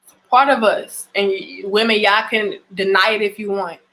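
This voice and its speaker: A woman's voice: mid-range voice, fairly even intonation, normal speed, fairly bright tone. A woman in giving blunt, emphatic relationship advice in a casual vlog, swearing freely and often restarting her phrases. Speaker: relationship vlogger. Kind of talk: casual direct-to-camera advice.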